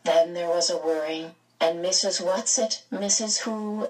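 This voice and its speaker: Slow-reading woman storybook narrator. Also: on the low side, recorded from a distance, soft background music, low-quality recording. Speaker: audiobook narrator.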